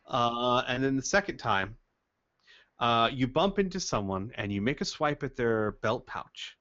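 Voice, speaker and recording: A man of middling pitch running a tabletop game as game master. He lays out each scene step by step with frequent hesitations. His voice comes through a dull, lo-fi call recording. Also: expressive, measured pace, a bit bright.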